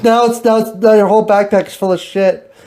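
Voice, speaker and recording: A woman's voice: medium pitch, fairly even intonation, a little fast, dark tone. A woman hosting a podcast, teasing and giggling through a casual improvised chat. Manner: giggly, teasing, laughs often. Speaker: podcast host.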